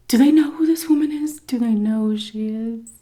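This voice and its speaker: A woman vlogger telling a story on an eating vlog, animated and profane, often clearing her throat. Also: high voice.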